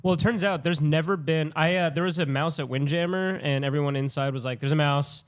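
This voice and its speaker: A man with a slightly high voice, telling a story on a casual podcast. He talks in a lively way and acts out other people's lines as he goes. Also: a little fast. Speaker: podcast co-host.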